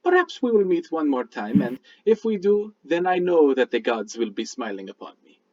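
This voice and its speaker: A man plays a mysterious wandering wizard who purrs his flattery and teases. His voice sits high and swings widely, heard through a dull lo-fi recording. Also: moderate pace. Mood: flattering. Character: smooth mysterious male wizard, flattering and sly. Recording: dull lo-fi sound.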